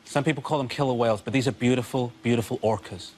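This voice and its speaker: A man on a comedy panel show, ranting in an exasperated stand-up style that rises to near shouting. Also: mid-range voice, fast, slight background noise. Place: television studio with audience.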